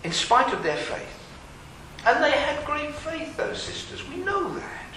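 Echoey preacher, lively and dramatic. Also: male voice, very high voice, unhurried. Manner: dramatic, questioning, swings from loud to hushed. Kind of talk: sermon. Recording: very echoey hall with faint hiss.

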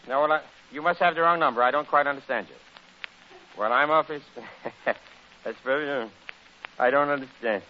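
A man's voice: on the high side, normal speed, pauses often, a faint crowd. A man doing a rambling comic monologue and a one-sided phone call on the radio, joking his way from story to story. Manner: rambling, jokey storyteller with a lively, animated delivery. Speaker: radio comedian. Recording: dull lo-fi old radio recording with faint hiss.

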